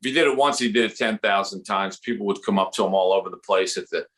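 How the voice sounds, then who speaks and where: A man with a Philadelphia accent doing a rambling, jokey comedy set at a fundraiser and dropping into quick impressions. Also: on the low side, a bit bright.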